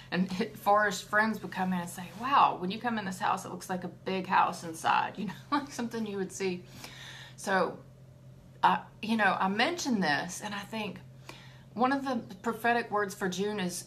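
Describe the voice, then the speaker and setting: A woman's voice: mid-range voice, bright, forceful tone, slight background noise. A middle-aged woman hosting a casual devotional talk, chatty and laughing often. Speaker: ministry host.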